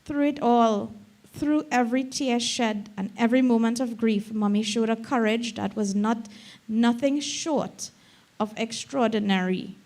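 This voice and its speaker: Middle-aged Trinidadian woman delivering her mother's eulogy, fairly high voice, unhurried, choked-up reading. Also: a little mellow. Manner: slow, earnest reading that breaks into tears at times. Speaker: daughter giving a eulogy. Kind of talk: funeral eulogy read aloud.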